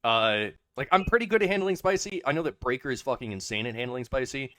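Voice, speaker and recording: A man's voice: medium pitch, expressive, quick pace, pushed and bright, no room sound. A man co-hosting a casual podcast, rambling with lots of hesitations and restarts. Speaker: podcast co-host. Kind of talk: casual chat.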